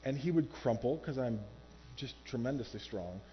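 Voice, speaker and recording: Male pastor preaching from a church stage, animated, slips into quoted voices, dull lo-fi sound with faint music behind. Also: mid-range voice, normal speed. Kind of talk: sermon.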